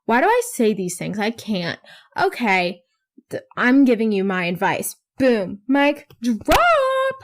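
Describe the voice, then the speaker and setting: A woman's voice: medium pitch, expressive, a little slow. A teenage girl hosting her own podcast, talking in a rambling, self-mocking way and swearing casually. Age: teens. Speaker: podcast host. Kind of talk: casual solo podcast chat.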